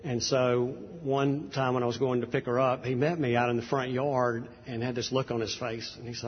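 A man's voice: medium pitch, flat delivery, moderate pace, husky. A man preaching a sermon in a conversational, anecdotal way, with frequent fillers and restarts. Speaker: pastor. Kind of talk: sermon introduction. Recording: dull audio in a reverberant hall.

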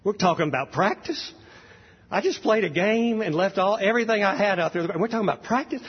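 A man mimicking an indignant athlete ranting, high. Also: animated, brisk, husky. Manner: exasperated, repeating one word. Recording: dull audio in a reverberant hall.

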